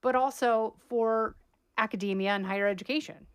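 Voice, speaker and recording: A woman hosting a talk podcast, asking long questions in a measured, deliberate way. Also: fairly high pitch, smooth. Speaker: podcast host. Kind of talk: interview questions.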